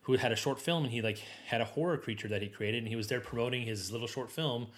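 A man's voice: mid-range voice, fast. Male guest, casual chat, rambling delivery full of fillers and restarts.

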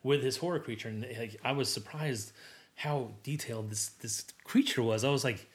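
A man's voice: mid-range voice, normal speed. A man chatting casually, rambling with many restarts and fillers. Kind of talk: casual chat.

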